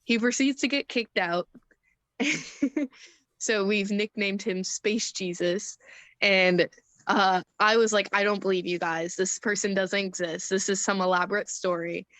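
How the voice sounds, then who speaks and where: A woman's voice: medium pitch, steady tone, a little slow, a bit bright, dry recording. Young woman, interview guest, casual storyteller who laughs a lot; dry close recording. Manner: chatty, laughs often, acts out quotes.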